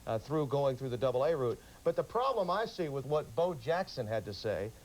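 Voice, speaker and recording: A man co-hosting a sports talk show, giving measured, analytical commentary. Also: medium pitch, very animated, darkish tone, low-quality recording.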